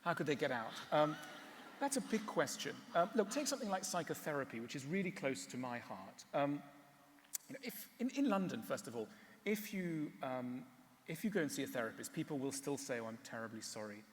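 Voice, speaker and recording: A man giving a public talk and answering questions, wry and animated, often stopping on fillers. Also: on the high side, a little fast, in a large hall. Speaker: speaker. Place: large hall.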